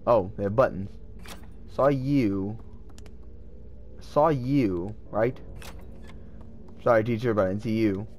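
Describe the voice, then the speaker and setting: A man giving casual gameplay commentary, excitable and swearing as he talks to himself. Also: lowish voice, slow, pauses often, slight background noise. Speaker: let's play gamer.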